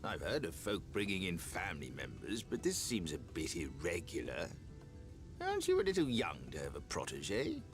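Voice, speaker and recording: A flustered nobleman stammers and hesitates. His fairly low voice leaps high whenever he loses his composure, and game music plays behind him. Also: wildly swooping pitch, normal speed, heavily acted. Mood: disapproving.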